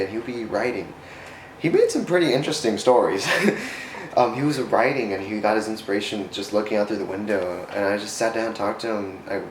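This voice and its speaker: This American vlogger talks earnestly about faith in a loose, rambling style, frequently stopping to restart or correct himself. His voice is fairly low. The recording has a roomy echo and slight background noise.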